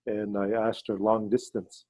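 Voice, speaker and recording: A man leading a ceremony, telling stories in a halting way with many fillers and restarts, over a video call. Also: little pitch movement, mellow, no echo, rough recording. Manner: halting, with many fillers and restarts, voices quoted people in a higher pitch. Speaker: ceremony leader and storyteller. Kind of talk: storytelling talk on a video call.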